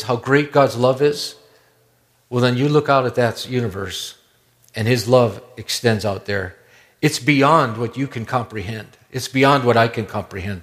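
A man preaching a sermon in a conversational, wondering way, often dropping to a hushed low tone. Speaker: pastor.

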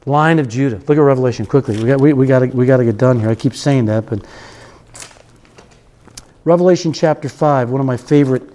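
A man preaching a sermon with passion, stretching key phrases slowly and breaking into a sung refrain. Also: mid-range voice, warm tone. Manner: impassioned, sings a hymn refrain; drawn-out emphatic phrases.

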